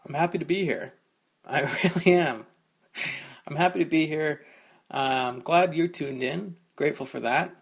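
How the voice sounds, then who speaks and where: A man's voice: medium pitch, creaky. A man hosting his own podcast, rambling casually and self-mockingly through a solo intro with loose swearing. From New Jersey. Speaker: podcast host.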